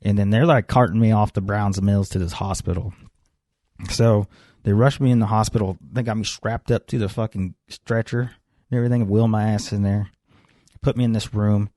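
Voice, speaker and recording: A young man tells a story in a relaxed podcast chat, swearing freely. His voice sits a little low and sounds dark and mellow. The room sounds dry. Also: normal speed, no echo. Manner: profane, animated storyteller. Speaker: podcast co-host.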